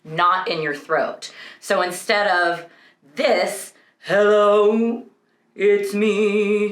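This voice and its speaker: A young adult woman, a vocal coach, gives a singing lesson, explaining singing registers and breaking into sung examples. Her voice is fairly low-pitched with a fairly bright tone, recorded in an echoey room.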